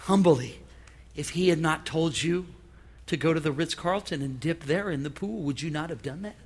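A man pastor preaching a lively, comedic sermon to his congregation, with call-and-response. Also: a little high, fairly quick. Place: church hall with congregation.

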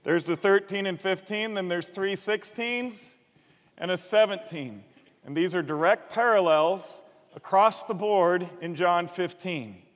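A man preaching a sermon, teaching from slides in an animated way and getting the congregation to repeat words after him. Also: sits high, unhurried, in a large hall. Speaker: pastor.

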